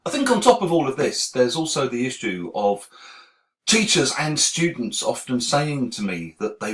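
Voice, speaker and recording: Brief: English teacher trainer, regional accent, candid and self-deprecating, mid-pitched man. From England. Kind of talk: reflective talk to camera.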